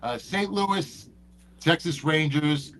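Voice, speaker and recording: A man's voice: fairly high pitch, slow pace, a bit bright, rough recording. A man hosting a sports betting picks show, talking in a casual, profane, hyped-up way.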